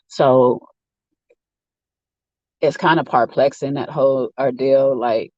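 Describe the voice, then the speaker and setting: A man's voice: medium pitch, steady tone, slow pace, pauses often, a little mellow, dry recording, lo-fi sound. A man giving a rambling, opinionated casual rant while sitting in a car. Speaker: vlogger. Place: inside a car.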